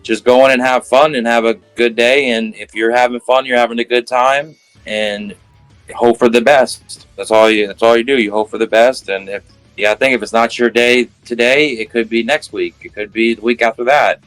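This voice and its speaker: A man's voice: medium pitch, fairly even intonation, normal speed, fairly bright tone, no room sound, faint music behind, rough recording. Casual man giving offhand advice. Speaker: podcast guest. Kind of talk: casual interview chat.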